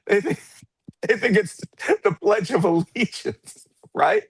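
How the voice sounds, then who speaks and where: A man's voice: high voice, slow, gravelly, breathy edge. A man speaking as a political commentator guest in an interview, blunt and sarcastic, with mocking asides. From United States. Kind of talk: heated political interview talk.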